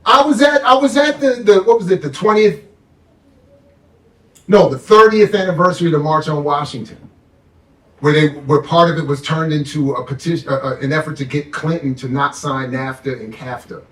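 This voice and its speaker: Sarcastic fired-up guy ranting about money and power, highish voice, echoey room. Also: moderate pace, fairly bright tone, distant mic. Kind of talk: impassioned political talk. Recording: roomy, off-mic sound.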